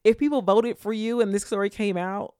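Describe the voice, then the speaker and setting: A lively podcast co-host in casual political chat, joking around and breaking into laughter often. The voice sits at a middling pitch and sounds close and dry, with no room echo. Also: fairly quick, clear, resonant tone. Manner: jokey and animated, laughs often.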